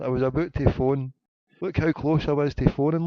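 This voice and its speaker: A man's voice: on the high side, steady tone, normal speed, no echo. A man hosting a casual live internet radio show, joking in mock indignation while reading a chat. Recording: dry, dull lo-fi internet radio sound.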